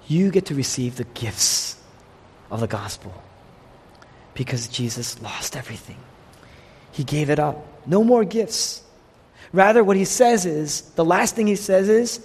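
A man preaching a sermon with passion, rising to loud peaks and dropping to hushed lows. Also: unhurried, long pauses, in a large hall, slight background noise. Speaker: pastor.

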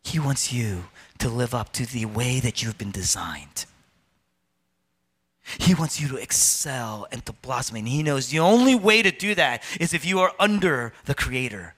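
A man's voice: medium pitch, sing-song, normal speed, bright, forceful tone, husky. A man in his thirties preaching a sermon, firing rhetorical questions and acting out complaints in other voices. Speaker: pastor.

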